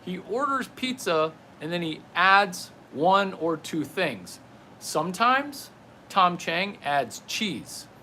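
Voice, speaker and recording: A man's voice: high voice, big pitch swings, takes it slowly, pushed and bright, slight background noise. A man delivering a rambling, playful comedy monologue to camera, riffing through absurd tangents while palming a basketball. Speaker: comedian vlogger.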